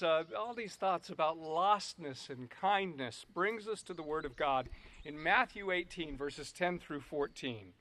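Male pastor, high voice, halting, repeats words as he restarts, sermon delivery. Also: pushed and bright.

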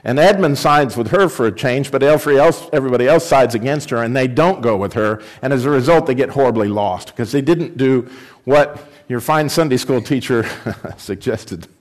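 Man preaching and reading a story aloud. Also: normal speed. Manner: expressive reader, raising pitch for the girl's lines.

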